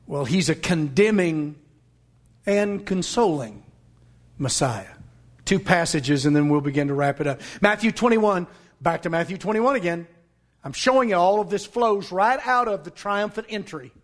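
High-voiced pastor preaching hard. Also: male voice, lively intonation, moderate pace. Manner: emphatic, scornful, bursts into shouts. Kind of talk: sermon.

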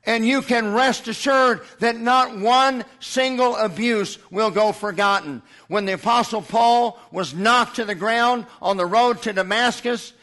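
A man preaching with fiery indignation, stacking up repeated refrains. His voice sits high and rings bright and forceful. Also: measured pace, hardly any pauses. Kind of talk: sermon.

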